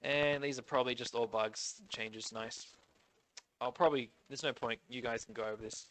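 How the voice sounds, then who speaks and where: Australian man, nasal, bright forceful tone, casual gaming commentator. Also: mid-range voice, steady tone, normal speed, dry recording. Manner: chatty, rambling, thinks aloud. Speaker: gaming YouTuber. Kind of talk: casual commentary on update notes.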